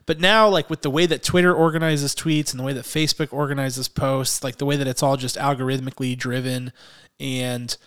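A man's voice: medium pitch, level tone, a little fast, a bit bright, clean tone. A man hosting a movie podcast in casual chat, rambling with lots of fillers. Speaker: podcast host.

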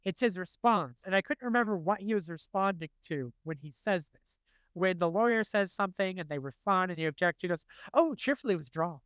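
High, smooth-voiced man in his forties. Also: fairly quick, no echo. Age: 40s. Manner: animated, quotes cartoon lines in funny voices. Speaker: podcast co-host. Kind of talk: casual chat.

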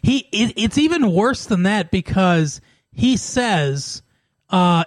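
A man with a fairly high voice talks through a casual podcast conversation, retelling scenes and laughing often. The sound is dry and close, with no room around it. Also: expressive, slow, no echo. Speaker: podcast co-host. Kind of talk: casual chat.

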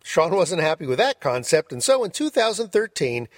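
Brief: male podcast host, husky, lively pitch, dry close sound. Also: normal speed, dry recording. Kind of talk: introducing clips.

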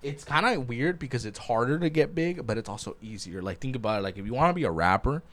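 A man's voice: medium pitch, expressive, quick pace. Young man, podcast co-host, casual chat, loose storytelling, filler-heavy.

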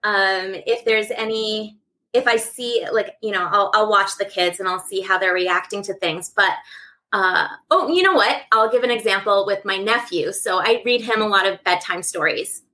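A woman's voice: medium pitch, moderate pace, pushed and bright. A woman who writes children's books, talking casually in an interview in a bubbly, giggly way with many restarts. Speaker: children's book author and entertainer.

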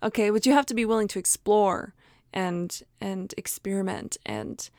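A woman's voice: mid-range voice, moderate pace, a little mellow, dry recording, studio quality. A woman giving a casual motivational talk in a chatty, encouraging way, laughing often and acting out inner voices. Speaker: motivational speaker.

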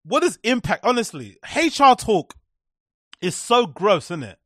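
A man with a high voice delivers sarcastic, profanity-laced commentary as a podcast host. His sound is dry and close, with no room around it. He slips into mocking impressions mid-rant. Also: very animated, measured pace, a bit bright, no echo. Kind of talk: comedic commentary on clips.

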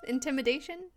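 A woman playing a tabletop game, describing her character's actions in a relaxed, hesitant way. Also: high-pitched, slight background noise. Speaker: player.

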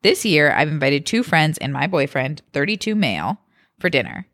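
A woman's voice: deep voice, very animated, moderate pace, a bit bright, no echo, studio quality. A young woman co-hosting a podcast, chatting casually and reading a forum post aloud in an easygoing tone. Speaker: podcast co-host.

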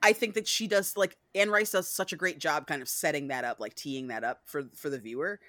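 A woman's voice: low voice, a little fast, pushed and bright, no room sound, clean studio sound. A woman hosting a podcast, chatting casually and animatedly, swearing freely and acting out movie lines. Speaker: podcast host.

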